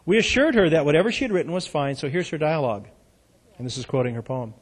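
Middle-aged pastor guy preaching, kinda high voice, swings from loud pushing to real quiet and soft. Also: animated, fast talker, slightly rough. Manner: swings from loud urging to hushed, soft reading. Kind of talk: sermon.

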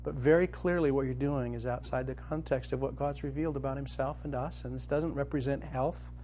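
A middle-aged man preaching a sermon, telling a personal story and retelling a parable, rising to loud excitement in the vivid parts and dropping soft in the tender ones. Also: brisk, slight background noise. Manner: storytelling, grows animated and loud when dramatizing, soft and low when tender.

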